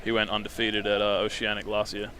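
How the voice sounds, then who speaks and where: A man from Australia with an Australian accent, giving casual sports commentary and calmly explaining technique. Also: on the low side, fast, a crowd in the background. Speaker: guest commentator, sumo wrestler.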